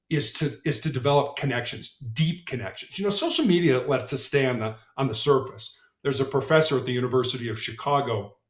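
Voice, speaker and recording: A middle-aged man, a motivational speaker and guest on a podcast, telling stories in an earnest way and often repeating words as he starts a sentence. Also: mid-range voice. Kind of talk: conversational storytelling interview. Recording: roomy echo.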